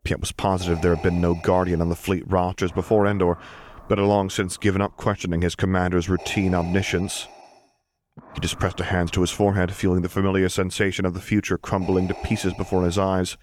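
A man reading a fan-written story aloud in steady, measured narration. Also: low-pitched, slight background noise. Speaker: audiobook narrator. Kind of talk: scripted narration.

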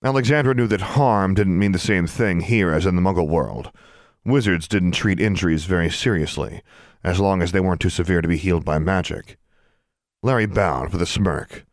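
A man reading a novel aloud in steady, even scripted narration. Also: low-pitched, moderate pace, no echo, clean studio sound. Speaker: audiobook narrator.

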